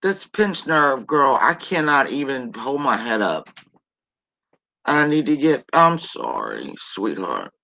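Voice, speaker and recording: A middle-aged woman hosting a casual live stream, chatting warmly and greeting viewers by name. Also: extremely low pitch, measured pace. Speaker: livestream host. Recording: dull lo-fi stream audio.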